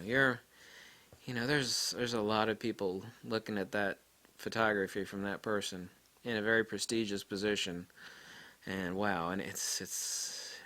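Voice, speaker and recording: A man's voice: fairly low pitch, sharp tone. A man ranting casually to camera about photography, rambling and incredulous, laughing often. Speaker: photography vlogger.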